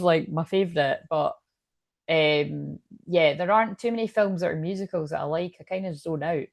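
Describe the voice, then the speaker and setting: A woman's voice: fairly low pitch, vocal fry, no echo, clean studio sound. A middle-aged woman giving a casual, meandering tarot reading, chatty and full of asides. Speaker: tarot reader.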